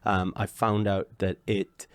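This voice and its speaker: A man co-hosting a podcast, chatting casually and joking around in quick banter. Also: on the low side, little pitch movement, clear, resonant tone. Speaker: podcast co-host. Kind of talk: casual chat.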